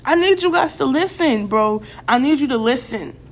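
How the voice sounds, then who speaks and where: A woman's voice: sits high, expressive, moderate pace. A young woman ranting to her viewers in a blunt, profane, fired-up way, often repeating words for emphasis. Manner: fired-up, addresses viewers directly. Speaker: vlogger. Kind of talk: casual opinion rant to camera.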